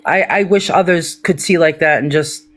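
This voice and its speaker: High-voiced, hesitant livestream guest man. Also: fairly bright tone. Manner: hesitant, halting, affectionate. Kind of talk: casual livestream chat.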